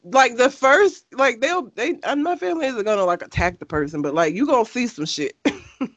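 A woman telling a story in casual chat, laughing often and animated. Her voice leaps up and down in pitch. The recording is dull and lo-fi, with a dry, close sound. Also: a little fast, no room sound.

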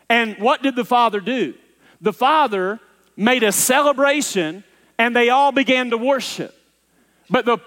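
A man preaches from the pulpit, his voice sitting high for a man and echoing through a church with a long, lingering reverb. He is emphatic, pushing hard on some lines and dropping low and intense on others. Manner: emphatic preacher, swings between loud urging and low intensity. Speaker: pastor. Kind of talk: sermon. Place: church sanctuary.

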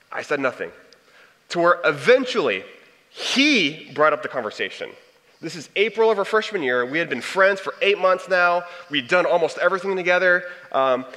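A young man in his twenties telling a personal story to an audience in a lively, conversational way. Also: on the high side. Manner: animated, conversational storytelling with acted quotes. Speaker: speaker sharing testimony. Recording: long hall reverb.

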